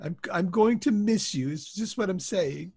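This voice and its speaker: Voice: medium pitch, expressive, normal speed, dark tone, husky. A performer voicing an overwrought, sobbing lover in an improvised comedy sketch. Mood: sappy. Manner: overwrought, sappy.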